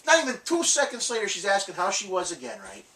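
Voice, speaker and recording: A man's voice: high-pitched, wildly swooping pitch, quick pace, sharp tone, distant mic. Rambling man telling stories off-mic. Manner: rambling, laughs often, swears. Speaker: collectibles channel host. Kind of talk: casual storytelling chat. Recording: echoey room, off-mic, faint noise.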